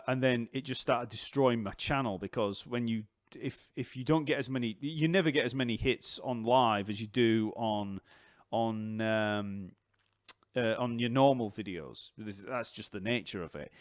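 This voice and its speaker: A man teaching bass on a live stream, chatting loosely with many fillers and restarts, his voice going croaky. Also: no echo, clean studio sound.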